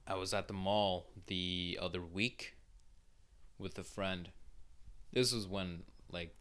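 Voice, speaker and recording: A man's voice: deep voice, fairly bright tone. A young man hosting a solo podcast, rambling casually with lots of swearing and filler words. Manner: rambling and profane, full of fillers. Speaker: podcast host.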